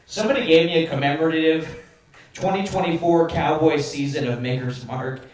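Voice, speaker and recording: A stand-up comedian from Dallas, Texas performs a crude set on a comedy club stage before a live audience, laughing at his own jokes. His voice is fairly high and a little fast, far from the echoey club mic, with crowd laughter in the background.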